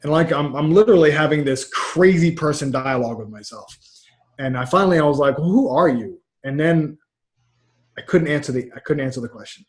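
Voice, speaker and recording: A man's voice: on the high side, brisk. A middle-aged man, a mindset coach, talking casually in an interview over a video call, rambling and repeating words with frank energy. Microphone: webcam about two feet away.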